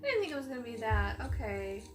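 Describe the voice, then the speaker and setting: A woman giving casual reaction commentary, excitable and swearing often as she talks at the screen. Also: on the high side, fast talker, background noise. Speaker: reaction video creator. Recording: roomy, off-mic, show audio playing behind.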